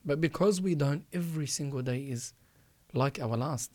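A man's voice: a little high, moderate pace, dark tone, no room sound. A man hosting a religious advice talk, earnestly urging listeners and repeating phrases for emphasis. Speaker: podcast host.

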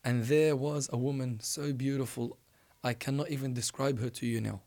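A man's voice: mid-range voice, steady tone, moderate pace, darkish tone, lightly acted. A man voicing an eager, devout teenage boy who speaks earnestly and with fervor. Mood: awed. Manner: earnest, fervent.

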